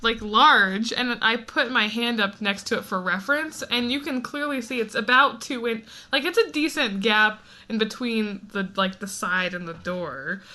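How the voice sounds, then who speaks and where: A woman's voice: a little high, moderate pace, few pauses, pushed and bright. A woman co-hosting a podcast in casual, giggly chat, playfully ranting. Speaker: podcast co-host.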